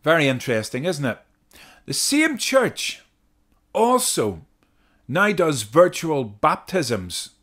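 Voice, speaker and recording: A man's voice: fairly high pitch, big pitch swings, takes it slowly, a bit bright. A man hosting a Christian podcast, earnestly explaining clips and reading scripture, repeating key phrases for emphasis. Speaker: podcast host. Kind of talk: podcast commentary.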